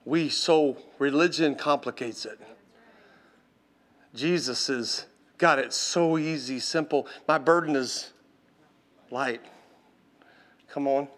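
A man preaching a sermon, impassioned and exhorting, swinging from loud intensity to hushed tones. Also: mid-range voice, slow, long pauses.

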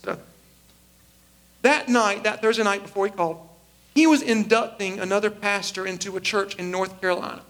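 A pastor in his forties preaches with a high, bright voice. He tells a personal story and lively acts out the voices of the people in it. His voice stays high and bright throughout. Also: normal speed, long pauses. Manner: animated storyteller acting out quoted voices. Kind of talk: sermon storytelling.

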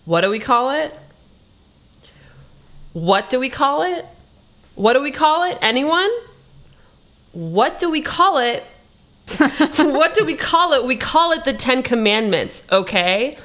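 A woman's voice: high-pitched, sing-song, slow pace, pauses often, fairly bright tone, full character voice. Woman reading as ranting, profane God. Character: foul-mouthed, exasperated God scolding humanity. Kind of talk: dramatic reading of a play.

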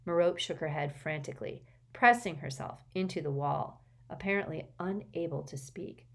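Low voiced woman reading a novel out loud, steady and expressive. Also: normal speed, creaky, hardly any pauses. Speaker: audiobook narrator. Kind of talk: audiobook narration.

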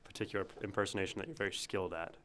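A young man hosting a casual question-and-answer chat, teasing and deadpan. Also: low-pitched, rapid-fire, a little hiss or hum. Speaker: host asking questions.

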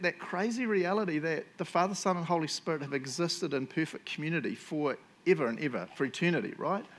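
A man gives a sermon, talking earnestly and casually to his listeners. He often restarts and fills pauses. When he reads a passage aloud, he slows down and gives each phrase weight. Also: a little high, a bit bright. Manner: earnest and conversational, with many fillers and restarts; reads quotes slowly and with weight. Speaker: preacher.

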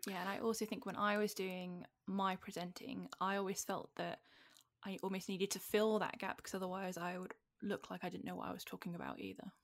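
A woman's voice: medium pitch, fairly quick. Laughing woman podcast host. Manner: laughs often, short reactions. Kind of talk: casual interview chat.

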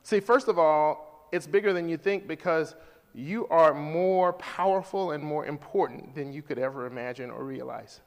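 A male pastor preaching a sermon to his congregation, swinging from hushed lines to loud, high calls. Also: normal speed, long reverb tail.

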